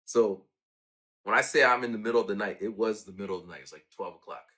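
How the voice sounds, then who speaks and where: A man with a low-pitched, bright and forceful voice talks casually about his raps. He acts out sound effects and quoted lines as he goes. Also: fast. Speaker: rapper talking about his own songs. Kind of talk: casual storytelling.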